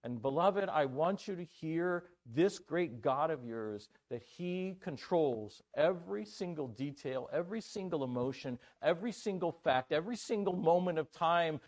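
A man preaching a sermon at a church conference, telling a story with lively energy and acting out the characters' voices. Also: a little high, moderate pace, few pauses.

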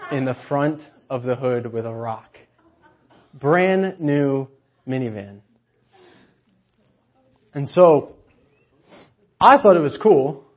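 Husky higher-voiced male preacher. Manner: lively, self-mocking storytelling with many fillers. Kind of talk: storytelling sermon. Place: church chapel. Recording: dull lo-fi sermon recording.

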